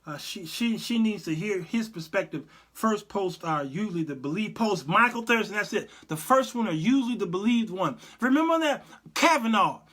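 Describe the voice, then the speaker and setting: Animated, high-voiced host chatting with viewers. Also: male voice, moderate pace, few pauses. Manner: animated, laughs often, mimics others. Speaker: talk show host. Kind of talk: casual commentary show reading live chat.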